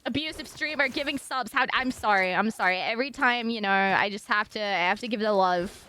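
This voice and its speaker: A woman's voice: mid-range voice, brisk, sharp tone, slight background noise. A young woman streaming live, chatting casually with her viewers in a giggly, rambling, apologetic way.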